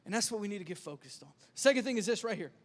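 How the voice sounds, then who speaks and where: A man's voice: high-pitched, animated, rapid-fire, big-room sound. A man preaching a sermon as pastor, telling self-deprecating stories with lots of stammered restarts. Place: church sanctuary.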